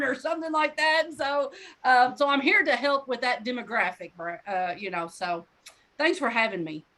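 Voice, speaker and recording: A woman's voice: a little high, normal speed, a bit bright. Friendly middle-aged woman guest. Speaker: podcast guest. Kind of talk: casual chat.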